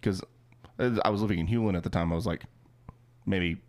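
A man's voice: low voice, a little fast, a little mellow. A man telling stories in casual, profane, joking talk as co-host of a radio chat show.

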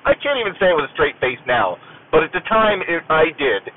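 A man's voice: fairly high pitch, very animated, brisk, background noise. Rambling man, tinny phone-like audio. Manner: rambling, lots of fillers, casual swearing. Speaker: veteran recalling military service. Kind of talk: casual storytelling monologue. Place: in a car while driving.

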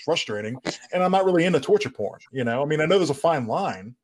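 A man's voice: fairly high pitch, animated, fast talker. A man co-hosting a casual podcast, blunt and opinionated, with filler hedges. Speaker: podcast co-host. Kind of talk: casual chat.

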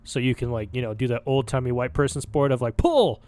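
A man co-hosting a podcast in casual chat, cracking dry, deadpan jokes. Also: mid-range voice, quick pace, clear, resonant tone, no room sound. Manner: dry, joking, deadpan asides. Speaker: podcast co-host.

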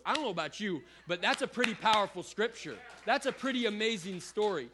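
Male pastor, middle-aged, slightly high voice, animated sermon delivery with scripture reading and casual asides. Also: fast talker, few pauses, slightly rough. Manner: animated preacher, repeats words, conversational asides.

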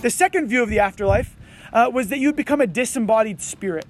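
A man preaching a sermon outdoors, reading scripture and then talking to the congregation in a conversational, animated way. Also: very high voice, fast talker, slight background noise. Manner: conversational, animated preaching with frequent "you know" and "right". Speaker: pastor. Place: outdoors under tents on a windy morning.

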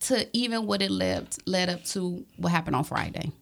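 A middle-aged woman co-hosting a casual talk show, telling a family story in animated, chatty bursts and acting out what people said. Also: on the low side, moderate pace, gravelly. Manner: animated, acts out quoted family dialogue.

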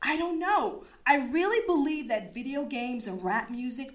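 Woman, from the US East Coast, high voice, casual storytelling, laughs through her words, swears freely. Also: expressive, normal speed. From East Coast of the USA.

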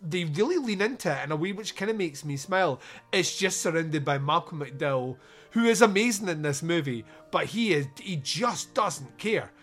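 A man's voice: a little high, animated, a bit bright, soft background music. A man hosting a podcast, reviewing a movie in casual, sarcastic chat with frequent laughs. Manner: laughing, sarcastic, quick asides. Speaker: podcast host.

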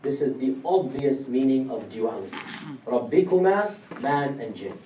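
A man's voice: medium pitch, sing-song, brisk, warm tone, muffled recording, a little hiss or hum. A man giving a classroom lecture on Quran commentary, explaining step by step and putting questions to his audience. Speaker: Islamic lecturer. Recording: roomy distant room recording, faint ambience.

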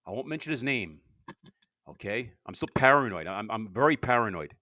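A man talks on his own homemade podcast, wandering from thought to thought and running himself down. His pitch swings widely, from loud outbursts to low grumbles. The sound is close and dry, with no room around it. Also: lively intonation, moderate pace, no echo. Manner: rambling, self-deprecating, veers between loud bursts and low mutters. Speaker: amateur podcast host. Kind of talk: rambling solo monologue. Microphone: home podcast mic.

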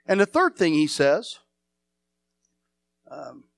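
A man preaching a sermon, emphatic and repetitive, swinging between forceful lines and hushed ones. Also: fairly high pitch, big pitch swings, slow, creaky. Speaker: pastor.

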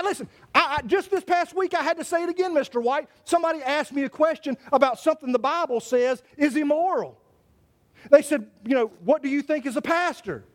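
A man's voice: very high-pitched, fairly bright tone. A man preaching a sermon as pastor, impassioned, repeating and restarting phrases as he drives his points home.

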